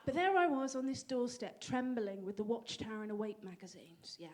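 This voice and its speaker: A high-voiced English woman performs a stand-up comedy set on a comedy venue stage, speaking a little fast. Her delivery is dry and self-deprecating, with sudden high bursts, and live audience laughter can be heard.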